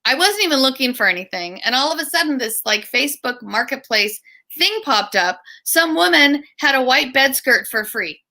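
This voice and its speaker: A middle-aged woman, a guest author and speaker, telling stories in an online interview, lively and acting out the voices she quotes. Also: high-pitched, moderate pace.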